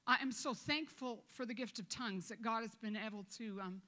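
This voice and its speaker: A woman pastor gives a casual, joking sermon, slipping into quick acted asides. Her voice sits a little high and sounds bright and clear. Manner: conversational and joking, with many restarts and acted asides.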